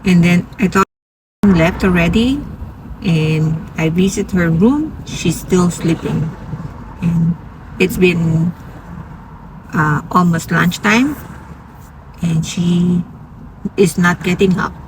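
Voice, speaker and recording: A woman who works as a nursing assistant tells a personal story in a slow, earnest, halting way that turns emotional, recorded in a van. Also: fairly low pitch, far from the mic, background noise. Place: inside a parked van.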